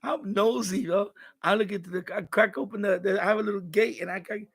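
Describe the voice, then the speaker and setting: Raspy, high-voiced man telling a gossipy story. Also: a little fast. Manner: animated, laughs often, gossipy. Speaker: live stream host. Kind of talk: casual storytelling.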